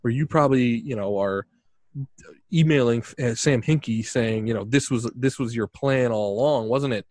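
A man's voice: mid-range voice, moderate pace, a little mellow, no room sound, clean studio sound. Fired-up male radio co-host. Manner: mock-heated, hyped-up. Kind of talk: comedic radio banter.

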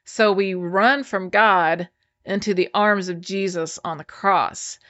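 A woman's voice: mid-range voice, slow pace, fairly bright tone, lo-fi sound. A woman casually recapping a show episode, chatty and enthusiastic, acting out the characters' lines as she retells them.

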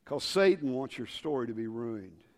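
Give me a man preaching a sermon in a large church, shifting from whispers to shouts, with a long hall echo. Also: medium pitch, expressive, normal speed. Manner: swings from hushed whispers to shouted rallying calls. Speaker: pastor.

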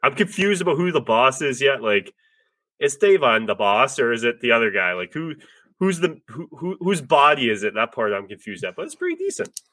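Male podcast host, bright dry voice, rambling and profane. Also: medium pitch, very animated, a little fast, dry recording. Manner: rambling, swears freely, laughs often. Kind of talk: casual chat.

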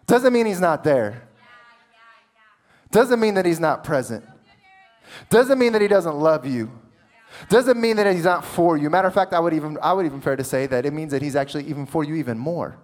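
High-voiced, animated male preacher. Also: fairly quick. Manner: animated preaching, swings between hushed and loud. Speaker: pastor. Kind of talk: sermon.

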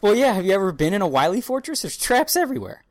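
A woman co-hosting a podcast, telling stories with excitable, profane energy and acting out scenes in little voices. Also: mid-range voice, quick pace, no echo. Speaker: podcast co-host. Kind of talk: casual chat, animated storytelling.

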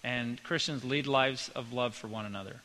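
Bright-voiced male pastor preaching. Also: medium pitch, normal speed, low-quality recording. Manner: folksy, conversational storytelling. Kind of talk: sermon with personal stories.

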